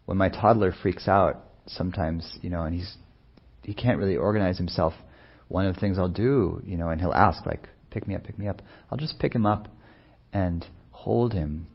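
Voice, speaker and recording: Low gravelly man giving a meditation talk. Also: lo-fi sound. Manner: soft-spoken, unhurried, musing with many pauses. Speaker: meditation teacher. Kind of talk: reflective dharma talk.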